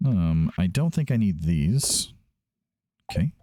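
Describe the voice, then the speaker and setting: A man's voice: low-pitched, big pitch swings, takes it slowly, warm tone, a little hiss or hum. A man hosting a let's play, giving casual gameplay commentary, chatty and thinking aloud as he often corrects himself.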